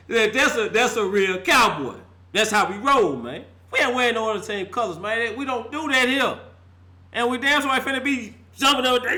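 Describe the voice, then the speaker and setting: A middle-aged man vents as a fan vlogger, loud and fired up, laughing between lines. His voice sits high and swings widely in pitch. It has a bright, sharp edge, and he hammers points home by repeating them. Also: lively intonation, normal speed. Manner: fired-up, laughing, street slang, repeats for emphasis. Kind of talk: animated fan rant.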